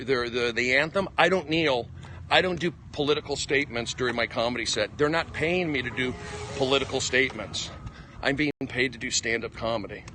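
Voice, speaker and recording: Out on a walk, this comedian talks into his phone for a livestream in a mid-range voice, with a little hiss or hum in the audio. His monologue rambles emphatically and excitably from one topic to the next.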